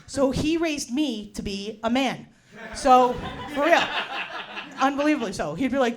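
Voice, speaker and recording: A woman in her forties from New York doing a brash, profane stand-up set in a bar, swinging from muttering to shouting. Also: sits high, lively intonation, unhurried, crowd noise. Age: 40s. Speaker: stand-up comedian. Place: bar with a live audience. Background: audience laughter.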